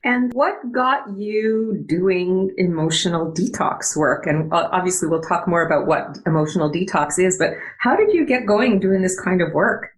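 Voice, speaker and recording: A woman host interviews her guest with calm, unhurried questions. Her voice sits low for a woman, and she gives each question room. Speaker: podcast host.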